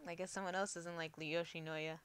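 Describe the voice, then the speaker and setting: A woman's voice: fairly low pitch, level tone, fairly quick, fairly bright tone, smooth, no echo. A young woman working through physics problems on a livestream as a teaching assistant, chatting and laughing between steps. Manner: playful, giggly, chatty asides. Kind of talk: casual livestream tutoring.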